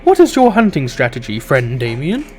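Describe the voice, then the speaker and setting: A man voicing an earnest, literal-minded male robot who speaks slowly, formally and stiffly. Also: medium pitch, wildly swooping pitch, darkish tone, a little hiss or hum.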